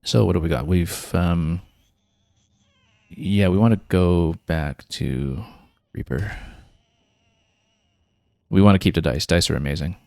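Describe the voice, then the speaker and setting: Speaking slowly with frequent pauses, this man offers casual commentary while streaming a video game, thinking out loud and mapping his next moves with loose fillers. His voice is deep, gravelly, and a little mellow. The recording has no echo.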